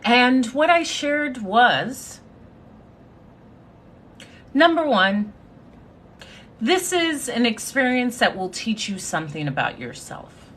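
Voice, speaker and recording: A woman's voice: on the high side, big pitch swings, slow, pauses often, a bit bright. A woman giving a confident, sassy motivational talk on a live stream, thanking her viewers as she speaks. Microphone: phone.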